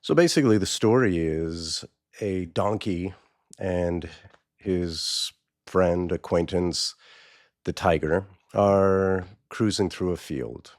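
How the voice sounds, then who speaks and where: A man's voice: sits low, slow pace, no room sound, clean studio sound. A man podcast host telling a parable in a loose, conversational way, with restarts. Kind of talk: casual storytelling.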